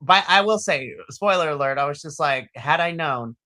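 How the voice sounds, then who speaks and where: A man co-hosting a wrestling podcast in casual chat, animated and laughing often, acting out his own reactions. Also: on the high side, moderate pace. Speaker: podcast co-host.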